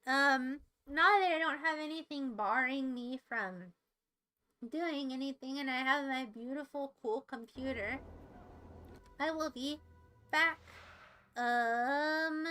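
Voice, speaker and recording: A woman's voice: high-pitched, slow pace, sharp tone, low-quality recording. A woman giving rambling, self-deprecating commentary as she plays a video game. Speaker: let's play streamer. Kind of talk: casual gameplay commentary. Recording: game music under the voice.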